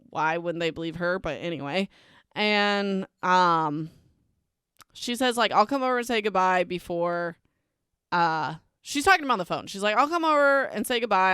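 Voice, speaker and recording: A young woman hosting a podcast, giving a casual, sarcastic recap of a novel, full of "like" and "whatever" and quick to dismiss the characters. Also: on the low side, a bit bright, clear, resonant tone, no echo, clean studio sound. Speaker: podcast host.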